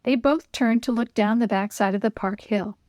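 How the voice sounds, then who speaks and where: A woman narrates a children's story in a clear, expressive read-aloud manner. Her voice sits a little high. The recording is dry and close. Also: normal speed, no room sound.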